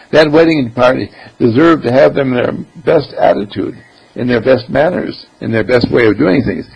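A man's voice: mid-range voice, creaky, slightly rough, rough recording. A man giving an informal spiritual talk as a teacher, with conversational asides and many rhetorical questions.

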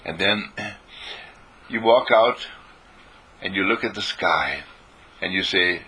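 A man giving an informal spiritual talk, telling stories and repeating phrases for emphasis, clearing his throat now and then. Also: sits low, slow, pauses often, bright, forceful tone.

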